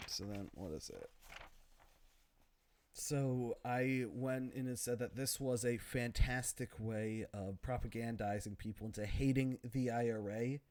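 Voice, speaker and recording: A man's voice: medium pitch, measured pace, a little mellow. Sardonic man reviewing a TV episode. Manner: casual, sardonic, many fillers. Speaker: video commentator. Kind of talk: casual commentary vlog.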